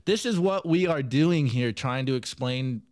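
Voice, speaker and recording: Laid-back man, smooth voice. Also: medium pitch, animated, a little slow, darkish tone. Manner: rambling, laid-back, heavy filler words. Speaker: podcast co-host. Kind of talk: casual chat.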